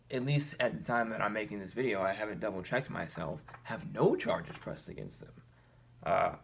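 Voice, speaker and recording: A young man earnestly talking to his viewers, animated and exasperated, with his pitch climbing when he gets worked up. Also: slight background noise. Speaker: vlogger. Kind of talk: personal commentary to camera.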